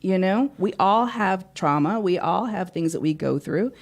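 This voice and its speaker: A woman with a somewhat low voice tells a personal story as a studio interview guest. She is an animated storyteller who acts out both sides of a conversation. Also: normal speed. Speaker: guest speaker and life coach. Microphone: studio microphone.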